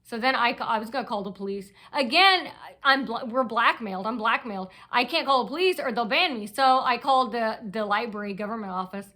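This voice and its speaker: A woman talking straight to her viewers in a rambling, aggrieved monologue. Her voice is bright and sharp, set a little high, and she keeps circling back and restarting her sentences. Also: expressive, a little fast, few pauses. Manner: agitated, aggrieved, restless storytelling with many restarts. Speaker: vlogger.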